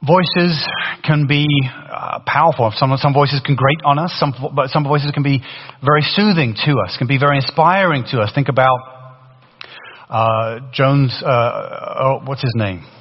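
Male pastor with a faded British accent, mid-pitched, conversational and excitable sermon delivery, muffled recording with long room reverb. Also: normal speed. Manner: animated, conversational preaching with frequent restarts. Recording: dull sound in a long-reverb hall.

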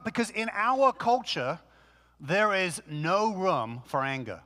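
A man preaching a sermon in a conversational, animated way, full of rhetorical questions. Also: sits high, slow, long reverb tail. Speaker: pastor.

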